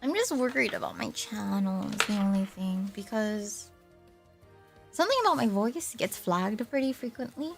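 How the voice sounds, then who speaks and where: A woman's voice: medium pitch, expressive, normal speed, vocal fry, faint music behind. A young woman chatting casually on a livestream, rambling, teasing herself and laughing often. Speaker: VTuber streamer.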